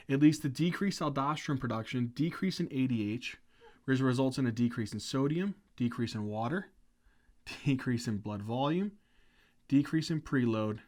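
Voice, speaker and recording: Male medical lecturer, mid-pitched voice, lively questioning delivery, casual teaching tone. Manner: energetic, asks the class questions, says "right?" often. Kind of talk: whiteboard lecture.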